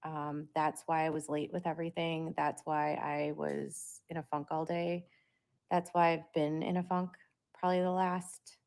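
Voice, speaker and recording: A woman's voice: low-pitched, creaky. A young adult woman and parent, talking casually to her viewers in a rambling way with lots of filler words. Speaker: parent vlogger.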